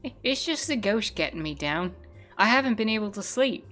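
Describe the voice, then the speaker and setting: A woman voicing a cranky, sleepless self-declared king of an island in a game, talking loud and jumpy, over faint music. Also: mid-range voice, animated, normal speed, natural voice. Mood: nervous.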